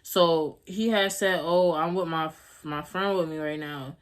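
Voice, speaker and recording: A young woman with a low, deep voice tells a story to her camera at home. She talks casually and rambles, full of slang and little laughs. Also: fairly even intonation, measured pace. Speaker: vlogger.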